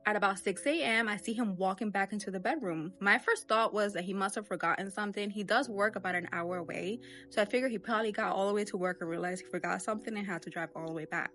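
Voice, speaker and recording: A woman's voice: mid-range voice, quick pace, a bit bright, faint music behind. Woman telling a story outdoors. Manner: conversational, fillers like "like". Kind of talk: personal storytelling.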